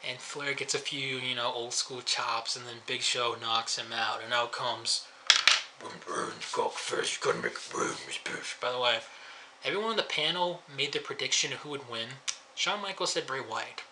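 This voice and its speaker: A man's voice: mid-range voice, moderate pace, bright, forceful tone, a little hiss or hum. A man giving a rambling, sarcastic casual review, chuckling at his own jokes. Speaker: wrestling show reviewer.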